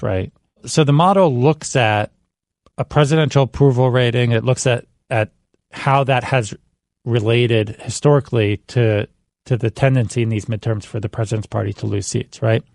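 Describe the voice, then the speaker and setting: A man talking through political data in a casual studio chat, with a gravelly, creaky edge to his voice. The sound is dry and close, with no room echo. He thinks aloud, often restarting his sentences. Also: medium pitch, darkish tone. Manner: thinks aloud with frequent restarts and "you know". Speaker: managing editor on a politics podcast. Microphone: studio mic.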